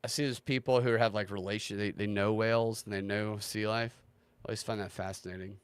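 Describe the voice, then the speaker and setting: A man's voice: fairly low pitch, steady tone, fairly quick, clear, resonant tone, no echo. A man hosting a livestream, talking casually in a sarcastic, ranting way and swearing freely. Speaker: livestream host.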